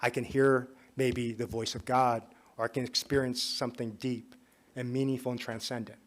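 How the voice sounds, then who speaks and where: A man telling a personal story during a conference talk, in a conversational way that often drops to a soft, confiding tone. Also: medium pitch, little pitch movement, moderate pace. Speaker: conference speaker. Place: conference hall.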